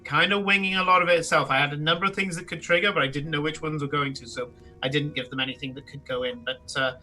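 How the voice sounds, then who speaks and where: A man's voice: on the high side, steady tone, fast, pushed and bright, faint music behind. A man, game master of a live-streamed tabletop game, chatting loosely with many fillers and restarts. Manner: rambling, lots of fillers and restarts.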